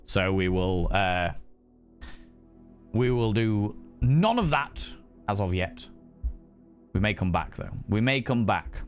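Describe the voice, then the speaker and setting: A man chatting casually and playfully with his viewers while streaming a game, swearing freely. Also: on the low side. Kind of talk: casual live-stream chat while gaming.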